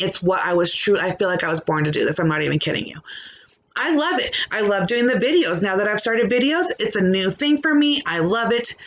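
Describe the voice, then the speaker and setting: A woman's voice: medium pitch, a bit bright. A young adult woman podcast host ranting into her microphone, blunt, defiant and full of swearing. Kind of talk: ranting monologue.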